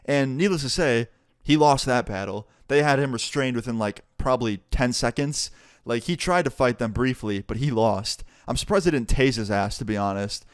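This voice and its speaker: A young man telling a storytime vlog in a casual, animated way, swearing freely, recorded on a close mic. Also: mid-range voice, moderate pace, no echo. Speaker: vlogger.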